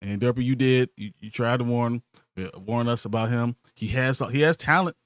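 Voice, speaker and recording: A man's voice: mid-range voice, normal speed, clear, resonant tone, no echo, clean studio sound. A man hosting a sports podcast, ranting in an exasperated, profane way at his team's players. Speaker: podcast host.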